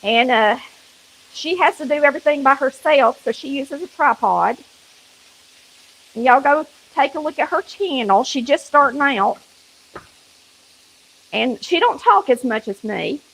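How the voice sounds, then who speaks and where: A woman's voice: high-pitched, animated, unhurried, creaky, pauses often, a bit bright, low-quality recording. A woman with a country Southern accent hosting a cooking show, chatting folksily to viewers while she cooks in her kitchen. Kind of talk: casual cooking chat to viewers. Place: home kitchen.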